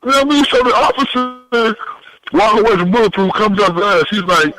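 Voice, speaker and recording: A man as a podcast guest telling a story in a lively, profane way, with big pitch swings when he quotes people. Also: fairly quick, a little hiss or hum, rough recording. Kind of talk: animated storytelling.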